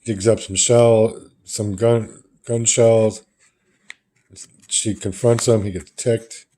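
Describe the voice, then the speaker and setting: Low, mellow-voiced man recapping comics. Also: steady tone, slow pace. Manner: loose, rambling retelling of comic panels. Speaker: comic book reviewer. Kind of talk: casual comic book recap.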